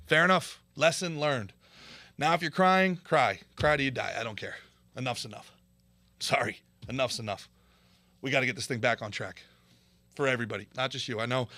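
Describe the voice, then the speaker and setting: A man hosting a political commentary stream, ranting in a sarcastic, animated way and reading viewer comments. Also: a little high, no room sound. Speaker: show host.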